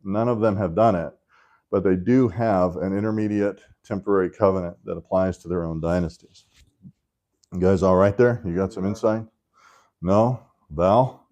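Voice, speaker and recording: Deep-voiced man teaching Bible class. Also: normal speed, warm tone, highs cut off. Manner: conversational, often checks in with "right?"; joking asides to the class. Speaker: Sunday school teacher.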